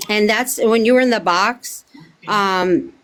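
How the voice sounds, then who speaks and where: A woman guest on a livestream, speaking from a distance in hurried, trailing asides. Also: medium pitch, fairly bright tone. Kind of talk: casual chat.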